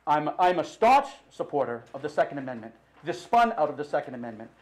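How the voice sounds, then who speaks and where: Impassioned halting middle-aged man. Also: on the high side, sing-song, darkish tone. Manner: impassioned and halting, with many restarts. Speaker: resident speaking at public comment. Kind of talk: unscripted public comment. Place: city council chamber.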